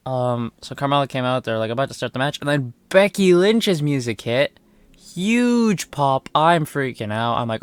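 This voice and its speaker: A man's voice: medium pitch, sing-song, normal speed, clean tone, no room sound. A young man giving a casual spoken review, sarcastic and exasperated, often swearing and complaining. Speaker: wrestling reviewer.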